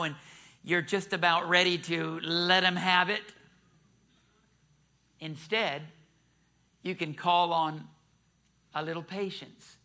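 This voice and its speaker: Bright-voiced emphatic male preacher. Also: high voice. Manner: emphatic preaching with rising calls for amen. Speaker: pastor. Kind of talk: sermon.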